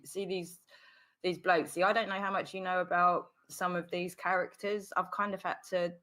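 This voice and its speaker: A woman's voice: lowish voice, fairly bright tone. A woman in casual chat, explaining hesitantly with many fillers.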